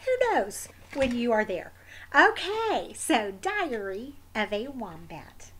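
Brief: woman storyteller, unhurried children's read-aloud, sing-song and fairly high, gentle asides. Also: big pitch swings, slight background noise. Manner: gentle, explains the pictures to listeners, slips into soft whispered asides. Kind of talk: picture book read aloud.

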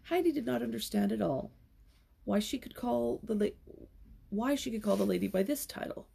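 A woman's voice: fairly high pitch, lively intonation, moderate pace, creaky, mellow, a little hiss or hum. A young woman reading a children's novel aloud as a storyteller, with casual asides between passages.

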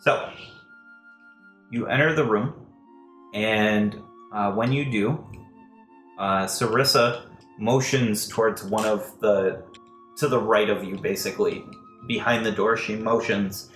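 A man narrating a tabletop game as dungeon master, halting with many fillers. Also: lowish voice, fairly bright tone. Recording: echoey room, faint music.

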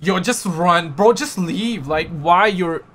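A man's voice: high voice, slow, a bit bright. A young man hosting a reaction video, talking casually and exclaiming often in slangy speech. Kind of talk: live reaction commentary.

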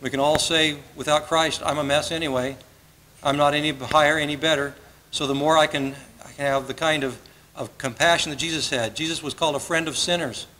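A man's voice: a little high, steady tone, a little fast, sharp tone, rough recording. A man preaching a sermon as pastor, earnest and conversational, often repeating his phrases. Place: church sanctuary.

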